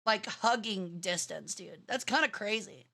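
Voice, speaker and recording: A woman's voice: mid-range voice, measured pace, gravelly, pushed and bright. A young woman streamer chatting casually and rambling, bratty in tone, swearing freely and using plenty of fillers. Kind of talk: casual live-stream chat.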